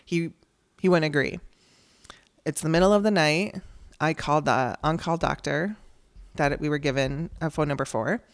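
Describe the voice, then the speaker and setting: A woman's voice: low voice, moderate pace, pauses often, dry recording, clean studio sound. A woman hosting her own podcast, telling a personal story in a candid, conversational way and acting out the dialogue she quotes. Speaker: podcast host.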